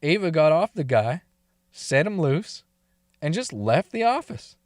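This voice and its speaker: Crude male storyteller, fairly high voice, dry close recording, laughs through his lines. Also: sing-song, a little slow, no room sound. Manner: profane, laughs often. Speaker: story reader. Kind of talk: crude first-person storytelling.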